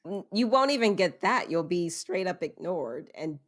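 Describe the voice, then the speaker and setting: A woman's voice: fairly low pitch, animated, moderate pace. A young woman hosting a podcast, telling spooky tales in a casual, self-deprecating way and laughing often mid-sentence. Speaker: podcast host. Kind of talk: casual storytelling chat.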